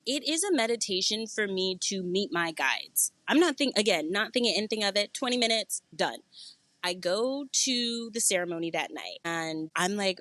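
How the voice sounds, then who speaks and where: A young woman telling a story on a podcast in casual chat, animated and swearing freely, acting out quotes. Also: medium pitch, a little fast, no echo. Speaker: guest.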